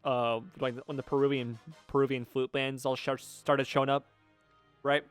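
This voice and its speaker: A man's voice: medium pitch, flat delivery, normal speed, smooth, soft background music. A man co-hosting a game let's play, rambling through stories in casual, sweary chat. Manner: rambling storyteller who swears a lot.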